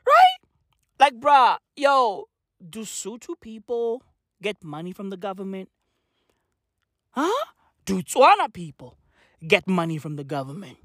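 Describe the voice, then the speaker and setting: A woman's voice: mid-range voice, unhurried, pauses often, no room sound, clean studio sound. A South African woman delivering a profane comic rant, swearing constantly and using slang. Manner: animated, swears constantly, slangy with "bruh" and "fam". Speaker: vlogger.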